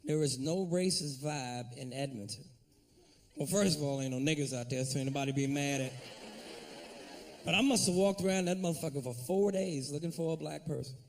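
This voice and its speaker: A man's voice: on the high side, a little fast. A man doing a stand-up comedy set, brash and profane as he tells his stories.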